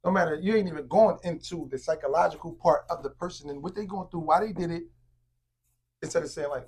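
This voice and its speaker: High-pitched man in rambling slangy chat. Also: brisk, breathy edge. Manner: animated, rambling, slangy talk with many restarts. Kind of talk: casual chat.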